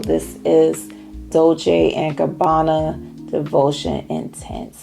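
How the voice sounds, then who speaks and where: A middle-aged woman from Indiana chatting casually about perfumes on her vlog, savoring each scent in drawn-out phrases. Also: deep voice, steady tone, vocal fry, warm tone, faint music behind. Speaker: fragrance vlogger.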